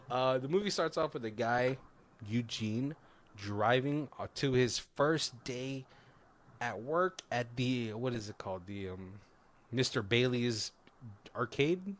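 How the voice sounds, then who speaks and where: A man's voice: mid-range voice, animated, slow pace, long pauses, fairly bright tone. A man hosting a podcast, chatting casually about a film in loose, run-on bursts and laughing often. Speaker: podcast host. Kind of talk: casual chat reviewing a film.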